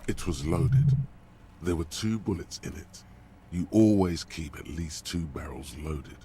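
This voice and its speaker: Very deep, ominous inner voice. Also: male voice, animated, a little slow, dark tone, a little hiss or hum. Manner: ominous, taunting narration. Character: brooding male inner voice of the mind. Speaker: video game narrator. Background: game music.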